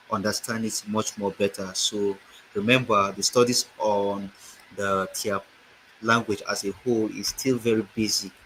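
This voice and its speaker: Nigerian male teacher, low, sharp-edged voice, deliberate explanations, video-call mic. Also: slight background noise, low-quality recording. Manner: slow, explanatory, repeats words for emphasis. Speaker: language teacher. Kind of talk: online lecture with slides. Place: home setup, online meeting. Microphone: computer mic on a video call.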